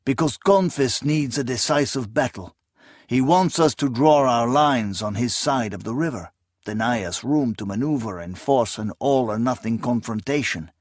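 A man's voice: mid-range voice, moderate pace, no echo, studio quality, natural voice. A man voicing a grim, brooding tribal chieftain who speaks in a cold, distant way in an audiobook.

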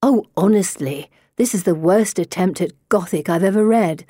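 Brief: woman reading as a haughty young ringleader, mellow and close, grand and dismissive. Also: on the low side, normal speed, no room sound, natural voice. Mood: scornful. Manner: commanding, grandly declaiming. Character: bold, imperious young woman, scornful ringleader.

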